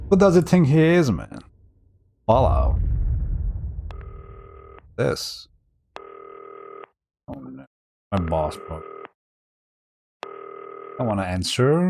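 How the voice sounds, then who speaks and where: A man's voice: fairly high pitch, slight background noise. A man streaming a game, reading its text aloud and making casual, laughing asides. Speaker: let's-play streamer.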